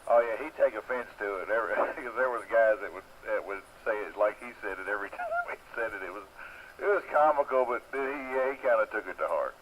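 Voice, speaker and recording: A low-voiced man chats easily on a ham radio net and agrees with the host. A faint hiss sits under his voice. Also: fast talker. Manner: easygoing and agreeable. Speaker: radio operator checking in. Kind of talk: casual ham radio chat.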